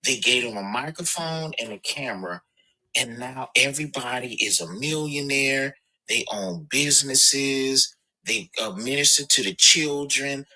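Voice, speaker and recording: A man calling into a live stream panel, chatting in a relaxed, mocking way. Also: mid-range voice, a little slow, low-quality recording. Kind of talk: casual opinion chat.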